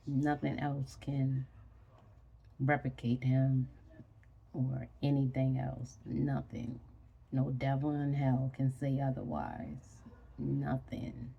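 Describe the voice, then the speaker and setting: A woman with a low, gravelly voice chats casually to her camera. She sounds sleepy and talks slowly, rambling along. The recording is dull and lo-fi. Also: mellow. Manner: slow, rambling, sleepy and yawning. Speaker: vlogger.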